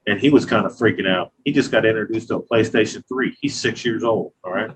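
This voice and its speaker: A man's voice: on the low side, quick pace, husky, rough recording. A man in his thirties, a glass artist, talking casually and profanely in an interview, telling stories with lots of filler phrases. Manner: profane, loose, storytelling with acted quotes.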